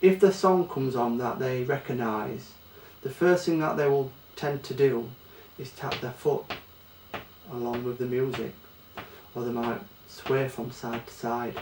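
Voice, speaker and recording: A man's voice: medium pitch, fairly even intonation, unhurried, a little mellow, slight background noise. A man with a Yorkshire accent teaching a children's music lesson, patiently explaining pulse and rhythm step by step. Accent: Yorkshire English. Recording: echoey room, distant mic, faint ambience.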